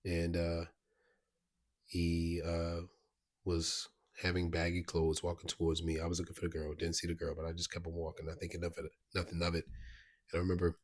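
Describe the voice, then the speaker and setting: Talking casually to the camera, this Baltimore man, a vlogger, uses a low, husky voice with little variation in tone. His storytelling meanders, with restarts and frequent "you know what I mean."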